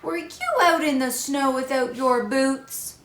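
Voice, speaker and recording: A woman's voice: high-pitched, animated, slow pace, fairly bright tone, echoey room, pitched above the performer's own voice, heavily acted. A woman voicing a fussy, kindly groundhog. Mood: concerned, advising. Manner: earnest, fussing, helpful. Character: kindly fussy male groundhog giving advice.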